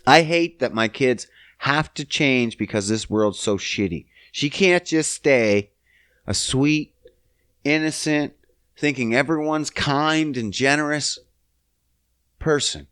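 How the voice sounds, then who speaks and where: A man in his thirties hosting a podcast, ranting casually and cursing as he swings between loud outbursts and low mutters. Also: takes it slowly, clean tone, no room sound, clean studio sound. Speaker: podcast host.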